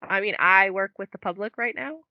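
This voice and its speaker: Speaking fairly quickly in a mid-range voice, a young adult woman chats casually as co-host of a book podcast, peppering her talk with "like." The audio is dull, with no room sound.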